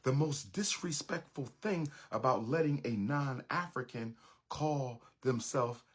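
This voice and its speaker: A man's voice: medium pitch, unhurried, slightly rough. A middle-aged man giving an impassioned lecture in an emphatic, repetitive preaching cadence. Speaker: public speaker.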